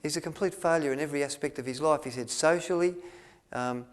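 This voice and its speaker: A man's voice: fairly high pitch, quick pace. A man telling a story to an audience, rambling with many restarts and fillers. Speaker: speaker at a health retreat.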